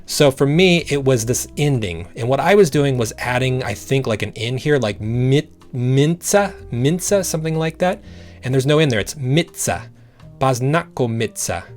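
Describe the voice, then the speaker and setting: A man's voice: medium pitch, soft background music. Patient man teaching a study method. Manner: patient, encouraging, repeats sounds slowly. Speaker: language learning teacher.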